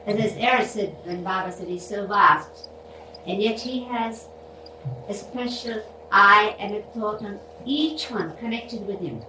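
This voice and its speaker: A woman's voice: medium pitch, unhurried, pushed and bright. Woman telling a story from across a room. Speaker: speaker sharing a story. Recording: distant, echoey, noisy.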